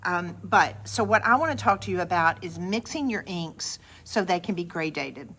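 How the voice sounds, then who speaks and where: A woman's voice: lowish voice, lively intonation, normal speed, slight background noise. A middle-aged woman, hosting a live craft demonstration and chatting with viewers as she works. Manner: chatty, warm asides to viewers. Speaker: craft studio host. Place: craft studio.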